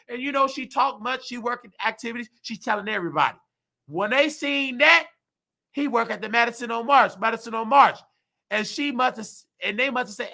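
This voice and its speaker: A man rants on his own show in a hoarse, high voice with a gravelly edge. His sound is bright and sharp, and he preaches at the listener. He slips in and out of the voices of the people he quotes. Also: brisk. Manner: preachy, heated, acts out quoted voices, calls listener baby. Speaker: show host. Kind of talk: animated personal rant.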